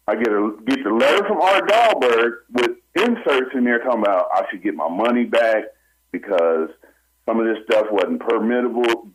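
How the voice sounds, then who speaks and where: A man, a barber and homeowner, telling his own story to a talk show host with urgency and acting out what other people said. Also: medium pitch. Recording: slightly muffled with faint noise.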